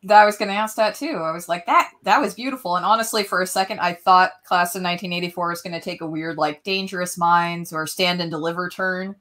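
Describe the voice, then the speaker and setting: A woman's voice: on the low side, fairly even intonation, quick pace, hardly any pauses, fairly bright tone. A woman co-hosting a live-stream chat over a video call, talking in an enthusiastic, chatty way.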